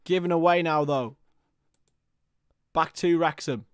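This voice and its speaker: A man giving live football commentary, chatty with listeners and bursting into shouts at chances and goals. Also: a little high, measured pace, clean tone, dry recording, clean studio sound.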